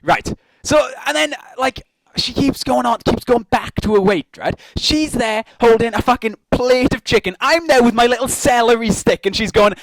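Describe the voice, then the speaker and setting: A man's voice: sits high, normal speed, no room sound, rough recording. A young man in casual chat who tells a story with swearing and laughter. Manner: animated, swearing, laughing while telling a story. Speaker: co-host.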